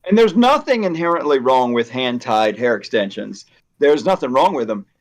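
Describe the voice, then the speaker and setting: A man who works with hair extensions, giving relaxed, opinionated advice in a casual chat. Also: medium pitch, moderate pace.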